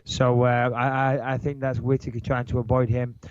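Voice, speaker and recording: A man's voice: medium pitch, moderate pace, dull audio, slight background noise. A man in his thirties from just outside Manchester, with a nasal Manchester accent, talking brashly and profanely on a casual podcast. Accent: Manchester English. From England. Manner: brash and profane, with lively impressions. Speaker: podcast host.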